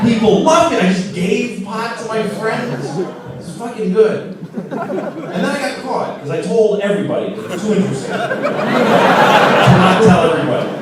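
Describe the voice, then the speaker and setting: A man's voice: sing-song, moderate pace, pauses often, heavy background noise. Man in his forties doing stand-up. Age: 40s. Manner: storytelling, acts out voices, swings from low mutters to shouts. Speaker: stand-up comedian. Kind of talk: stand-up comedy. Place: large live venue. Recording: echoey live venue, distant mic, loud crowd. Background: laughing audience.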